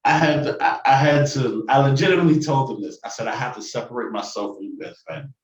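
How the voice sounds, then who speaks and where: A man's voice: mid-range voice, fast, recorded from a distance. A man co-hosting a podcast, telling a personal story in an intense, emphatic way that repeats words for emphasis. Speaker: podcast co-host. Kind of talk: casual chat, personal story. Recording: roomy, off-mic, lo-fi sound.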